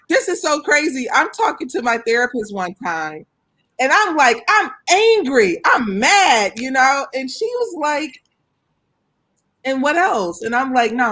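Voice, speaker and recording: A woman hosting a casual panel talk, telling lively stories and acting out dialogue with sudden jumps in pitch. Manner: animated storytelling, acts out dialogue with big pitch jumps. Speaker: host. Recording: remote call audio.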